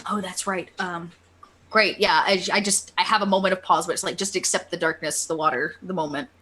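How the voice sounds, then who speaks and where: A woman player at a tabletop roleplaying session, talking casually and pausing to think with lots of ums. Her voice is bright, with a slightly sharp edge. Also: lowish voice, fairly even intonation. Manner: chatty, hesitant, with many fillers. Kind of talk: casual tabletop game chat.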